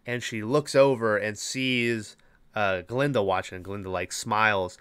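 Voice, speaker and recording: A male podcast host in a casual, animated movie recap, swearing freely and rambling with fillers. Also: on the low side, a little slow, clean tone, dry recording.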